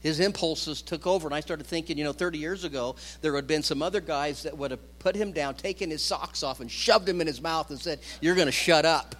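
A middle-aged male pastor preaching a sermon, animated, swinging between loud bursts and quiet asides. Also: a little high, brisk, few pauses. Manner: animated preaching, rising and dropping loudness.

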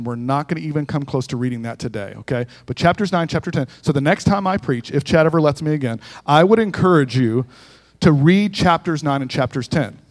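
A man preaching a sermon as a guest speaker in a church, conversational and joking, often checking in with the congregation. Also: fairly high pitch. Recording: long echo of a large hall.

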